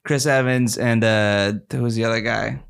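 A man's voice: medium pitch, fairly even intonation, normal speed, creaky, clear, resonant tone. A man hosting a podcast in a casual, chatty way, full of "like" and "dude" and easy laughter. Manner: chatty, drawls, says "like" and "dude" a lot, laughs easily. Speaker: podcast host. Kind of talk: casual chat.

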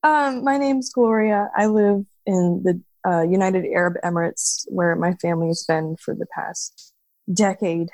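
Still sounding like she just woke up, a woman being interviewed on a podcast chats casually, laughs a lot, and often restarts words. Her lowish voice is a little mellow and a little slow, captured in a dry recording.

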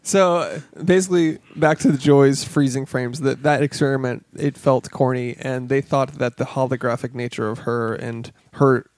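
A man's voice: mid-range voice, fairly even intonation, normal speed, hardly any pauses, darkish tone, no room sound. A man co-hosting a casual podcast, rambling through film trivia with many restarts and casual swearing. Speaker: podcast co-host. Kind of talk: casual chat.

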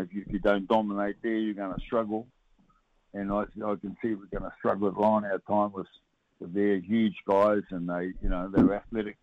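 An older man with a New Zealand accent, a former rugby player talking as a guest on a radio phone-in, halting and full of fillers and restarts. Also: lowish voice, dry recording. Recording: tinny phone line.

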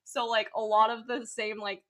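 A young adult woman co-hosting a casual chat, telling lively stories and laughing often. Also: a little high, moderate pace. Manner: animated storyteller, laughs often.

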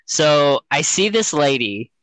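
Guy telling a story on a podcast, bright crisp voice, laughs a lot, dry close mic. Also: a little high, slow, no echo, rough recording. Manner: laughs often, animated retelling with quoted voices. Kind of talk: casual storytelling chat.

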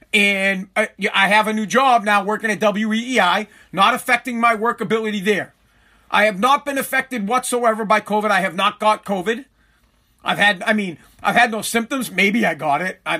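Profane rambling New man, bright and high. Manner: rambling, profane, self-mocking. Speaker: radio show host. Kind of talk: casual comedic monologue.

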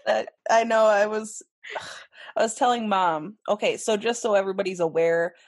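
A woman's voice: medium pitch, moderate pace, dry recording. Young woman, podcast co-host, casual chat, mid-range voice, dry sound, laughs a lot.

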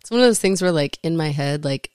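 A woman's voice: low-pitched, lively intonation, fast, darkish tone, clean tone, no echo, clean studio sound. A woman in her thirties from Texas, a podcast guest in laid-back casual chat at her home, trailing off with fillers. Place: living room of her home.

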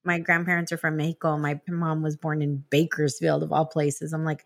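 A woman from San Diego hosting a casual interview, chatty and animated as she tells stories with laughs. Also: sits low, moderate pace, creaky. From San Diego, California. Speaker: podcast host.

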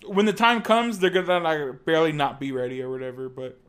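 A man co-hosting a podcast, chatting loosely and stopping to hunt for words. His voice sits a little higher than most men's. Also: a little fast, fairly bright tone, clean tone. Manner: chatty, loose, many fillers and restarts. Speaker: podcast co-host. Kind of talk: casual chat.

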